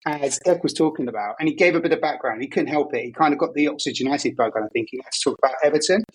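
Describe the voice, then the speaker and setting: A man's voice: fairly high pitch, racing, breathy edge, poor audio. A man co-hosting a football podcast in jokey, self-deprecating casual chat. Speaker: podcast co-host, data pundit. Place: travelling abroad.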